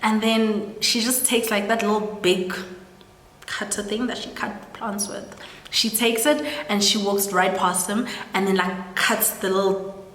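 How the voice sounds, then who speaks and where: A woman's voice: medium pitch, fairly bright tone, a little hiss or hum. A South African woman from South Africa casually recapping a story, saying "like" a lot and acting out the characters' lines. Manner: chatty, says "like" often, acts out quoted lines. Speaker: storytelling host. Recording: echoey room with long reverb.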